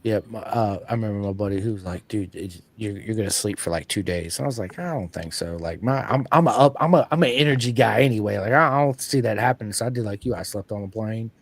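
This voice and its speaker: A man hosting a podcast in casual chat, an energetic storyteller who acts out quoted lines. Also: lowish voice, fast, hardly any pauses, no echo. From United States. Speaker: podcast host.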